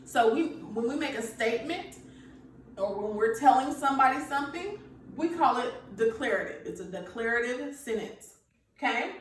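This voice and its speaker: Woman teacher, higher voice, patient and repetitive, very echoey room, some distance from the mic. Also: expressive, moderate pace, slight background noise. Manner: patient, repeats okay after each point. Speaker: elementary school teacher. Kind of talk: recorded remote grammar lesson.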